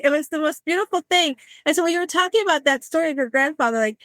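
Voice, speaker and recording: A woman in her sixties talks with a slightly high voice, recorded close and dry with no room sound. She hosts a podcast conversation, telling lively personal stories and slipping into the voices of the people she quotes. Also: fast talker, hardly any pauses, no echo. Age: 60s. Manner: animated, acts out quoted voices. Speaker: podcast host. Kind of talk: conversational storytelling.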